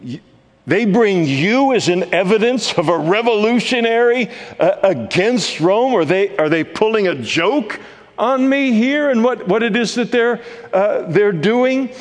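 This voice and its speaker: A man's voice: high voice, animated, a little slow, long reverb tail, voice pushed up. A man acting out a middle-aged Roman governor, asking questions in a raised, exasperated voice. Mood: incredulous.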